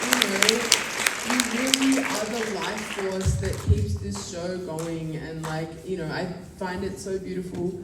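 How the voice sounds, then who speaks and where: A woman's voice: fairly low pitch, noisy background. A young woman with an Australian accent, a guest at a fan panel, chatting casually with frequent laughs and swearing. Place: convention panel hall. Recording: echoey hall, mic heard from far off. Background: convention crowd.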